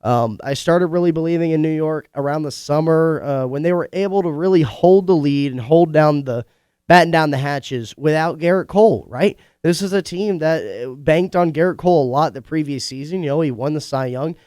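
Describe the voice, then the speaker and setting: A young man with a congested, stuffy voice hosts a college radio sports show, talking through the week's games in a chatty, opinionated way with quick asides. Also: on the high side, darkish tone, clear, resonant tone, no room sound, clean studio sound. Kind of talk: casual sports talk monologue. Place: studio.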